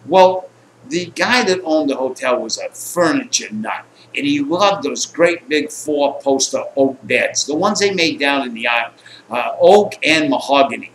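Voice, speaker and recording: Brief: a coarse, rambling male storyteller with a sharp bright voice, recorded in a roomy space. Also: mid-range voice, unhurried, a little hiss or hum. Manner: rambling, coarse, animated quotes. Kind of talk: profane anecdotal storytelling. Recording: echoey room, faint ambience.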